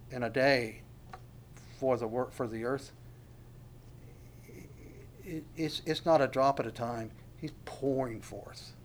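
A man preaching a conversational sermon in a reflective way, asking his listeners questions as he goes. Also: on the high side.

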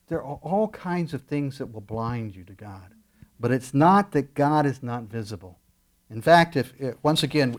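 This is a male pastor delivering a sermon in a mid-range voice. He swings from forceful, loud declarations to soft asides.

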